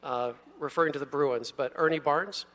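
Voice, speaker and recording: A man's voice: fairly high pitch, moderate pace, fairly bright tone. Dry-voiced man chairing a council meeting. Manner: dry, wry remarks. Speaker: committee chair. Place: council chambers. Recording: long hall reverb in a council chamber.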